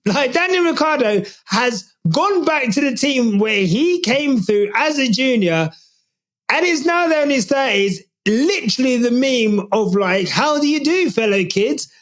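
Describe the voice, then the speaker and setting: A man hosting a podcast, giving casual, animated opinion commentary with jokey asides. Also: very high-pitched, a little slow. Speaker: podcast host.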